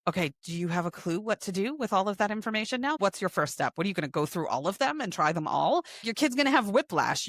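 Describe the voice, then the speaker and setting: A woman's voice: medium pitch, animated, quick pace, few pauses, a bit bright, dry recording. A woman co-hosting a podcast in casual chat, reading out a long list with dry asides. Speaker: podcast co-host.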